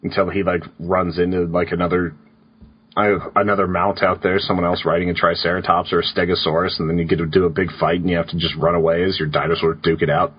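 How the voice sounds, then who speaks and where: On a podcast with dull, lo-fi sound, a male co-host reads listener questions in a laid-back, wandering conversation. His low, slightly rough voice comes out fast with a flat delivery.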